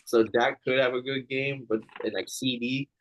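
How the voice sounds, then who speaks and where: A man's voice: mid-range voice, fairly even intonation, normal speed, a bit bright, rough recording. A man co-hosting a casual sports betting chat, reasoning through his picks in a laid-back, rambling way. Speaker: podcast co-host.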